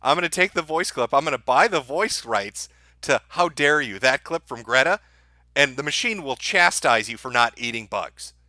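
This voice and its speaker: A man's voice: medium pitch, animated, moderate pace, bright, forceful tone, no room sound, studio quality. A man hosting a livestream, ranting sarcastically and profanely and laughing at his own jokes as he reads viewer super chats. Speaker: livestream host.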